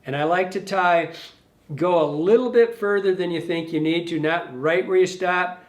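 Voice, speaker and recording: Man, fly tying instructor, loose rambling delivery, pitched a bit high, roomy echo. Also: moderate pace. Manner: rambling, self-correcting, talks to the fly as he works. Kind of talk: casual hands-on tutorial. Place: fly shop tying bench.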